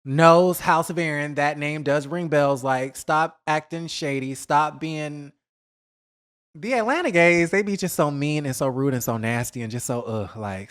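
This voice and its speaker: Chatty gossiping man hosting a vlog. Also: a little high. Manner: chatty, animated, dishes shade and mimics others; says y'all, drawn-out emphasis. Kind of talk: casual gossip commentary.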